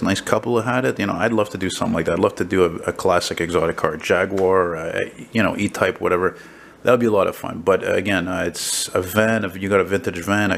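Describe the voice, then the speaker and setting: A painter who vlogs talks to a handheld camera in his studio, chatting casually in a rambling way packed with fillers. His voice is low and gravelly, and the camera mic yields a low-quality recording.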